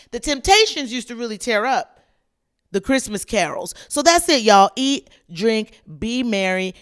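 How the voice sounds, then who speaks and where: A woman's voice: on the high side, fairly bright tone. A young adult woman hosting her own podcast, chatting casually and playfully straight to her listeners. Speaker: podcast host. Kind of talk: casual solo podcast chat.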